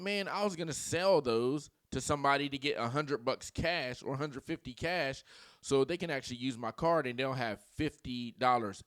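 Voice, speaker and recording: A man giving animated, mocking reaction commentary straight to his viewers. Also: fairly high pitch, no room sound. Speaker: commentary vlogger.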